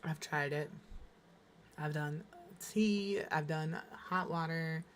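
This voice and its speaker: A woman streaming a game, hoarse with her voice fading, chatting tiredly and muttering to herself as she builds. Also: sits low, slow, a little hiss or hum. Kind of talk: casual gameplay streaming chat.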